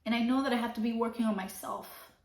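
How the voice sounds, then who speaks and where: A woman's voice: a little high, little pitch movement, racing, a little mellow, reverberant. A young adult woman hosting a podcast, giving a sassy, emphatic self-help pep talk full of repeated affirmations. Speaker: podcast host. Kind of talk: motivational self-help monologue.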